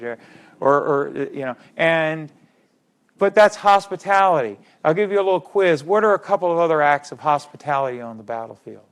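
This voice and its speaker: A middle-aged man giving a public history lecture, stressing key words by repeating them and putting questions to his audience. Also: fairly high pitch.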